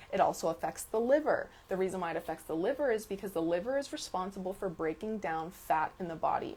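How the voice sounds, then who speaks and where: Answering viewers' questions on her live stream, a detox health coach speaks in a medium-pitched, somewhat mellow voice with a breathy edge. She leans on emphasis, repeats key words and regularly checks in with "okay?".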